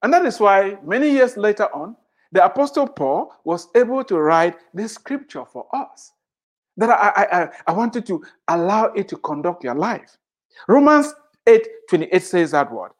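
A preacher delivering a fervent sermon, voice leaping high and dropping low as they drive each point home. They repeat key phrases and pile up rhetorical questions to press the congregation. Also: big pitch swings, moderate pace. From immigrant to the United States.

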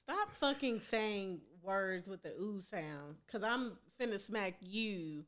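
A woman's voice: medium pitch, expressive, takes it slowly, fairly bright tone. A woman chatting casually, blunt, sassy and profane. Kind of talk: casual chat.

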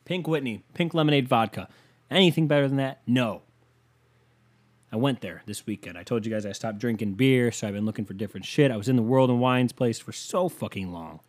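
A man's voice: mid-range voice, brisk, a little mellow. A man hosting a podcast, ranting casually in a heated, sarcastic, profane way and rambling through stories with lots of filler words. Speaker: podcast host.

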